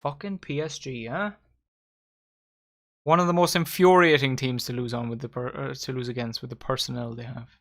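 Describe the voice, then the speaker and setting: A young man giving excitable, sweary live commentary while hosting a football watchalong. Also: medium pitch, normal speed, gravelly. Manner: excitable, swearing, addresses viewers as lads. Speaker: watchalong host.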